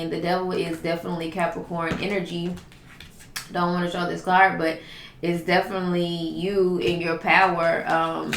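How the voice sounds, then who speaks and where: A woman's voice: fairly low pitch, gravelly, reverberant, slight background noise. A woman giving a spiritual tarot reading in a flowing, repetitive, affirming way, stacking up lists of phrases. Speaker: tarot reader.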